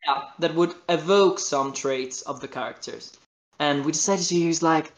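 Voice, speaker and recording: A man's voice: mid-range voice, moderate pace. A man with an Italian accent, a voice actor guest in a podcast interview, speaking non-native English and searching for words with many restarts. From Italy. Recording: roomy echo.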